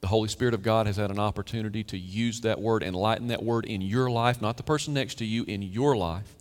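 A male pastor preaching a sermon in a conversational way, with sudden emphatic rises and quiet drops. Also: lowish voice, quick pace, hardly any pauses. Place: church sanctuary. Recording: long church hall reverb.

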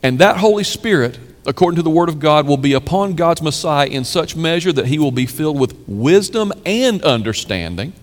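A male pastor preaches in a church, his fairly high voice rising to forceful peaks and dropping low on key words. Rhetorical questions keep the congregation engaged. A long reverb of the large hall trails each phrase. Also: lively intonation, a little fast, few pauses. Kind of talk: sermon.

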